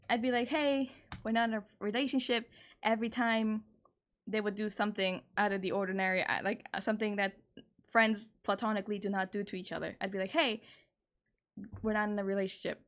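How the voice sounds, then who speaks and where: Candid woman streamer telling a story. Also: mid-range voice. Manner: exasperated, candid, swears casually, voice jumps up when indignant. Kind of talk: casual storytime chat. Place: home, with her cat.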